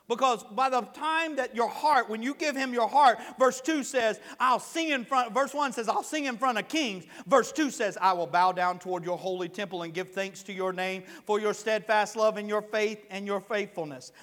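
Male pastor, very high voice, casual preaching that builds to emphatic shouts, long church reverb. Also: normal speed. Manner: conversational preaching that swells to loud emphatic peaks. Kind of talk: sermon. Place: church sanctuary.

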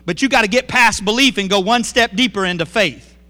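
Preaching briskly, a middle-aged pastor uses a bright, forceful, high-sitting voice. His sermon comes in lively bursts, with repeated questions aimed at the congregation.

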